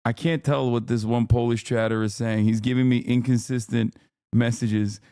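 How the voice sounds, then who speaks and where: A man's voice: medium pitch, flat delivery, moderate pace, dark tone, clean tone, dry recording, clean studio sound. A man streaming from home, chatting casually with his viewers in a brash, profane way and laughing often. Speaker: streamer reacting to a video. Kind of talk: casual live-stream chat.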